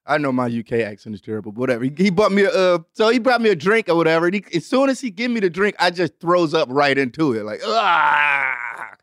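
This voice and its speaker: A young adult man hosts his show with a loose, profane monologue, acting out every character with sudden swoops up in pitch. His voice sits a little high for a man, and the recording is close and dry. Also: quick pace, few pauses, dry recording. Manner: animated, profane, acts out voices with big pitch jumps. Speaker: host. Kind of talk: storytelling monologue.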